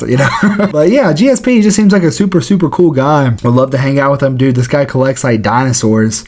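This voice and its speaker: A man's voice: a little high, animated, moderate pace, darkish tone. Slangy, jokey man chatting casually. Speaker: YouTube host. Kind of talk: casual commentary.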